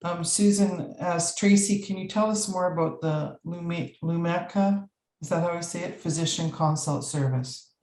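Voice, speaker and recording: A woman with a deep voice moderates a session and keeps pausing on fillers. Her voice rings in a roomy space. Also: fairly even intonation, a little mellow. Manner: friendly, hesitant with fillers. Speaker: session facilitator.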